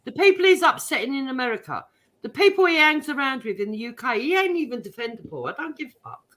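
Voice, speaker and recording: A woman's voice: high-pitched, sing-song, fast talker, a bit bright. A woman speaking bluntly and scornfully in a heated online panel debate, swearing freely.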